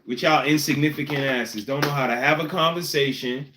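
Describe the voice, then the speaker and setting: Man, high-pitched, blunt and preachy co-host, roomy room echo. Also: fairly quick, background noise. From New York City. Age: 50s. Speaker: podcast co-host. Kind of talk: casual chat.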